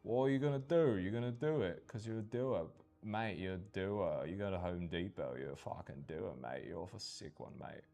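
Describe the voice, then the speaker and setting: A man's voice: sits low, lively intonation, normal speed, hardly any pauses, mellow. A man voicing a mock Australian bloke who hypes people up, repeating "mate" and swearing playfully. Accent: put-on Australian.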